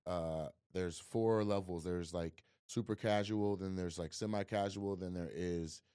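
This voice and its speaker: A man doing crowd work as a stand-up comedian and podcast host, talking loudly, laughing, and mimicking voices. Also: sits low, fairly even intonation, a little slow, clean tone. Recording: roomy live venue, crowd noise, far from mic.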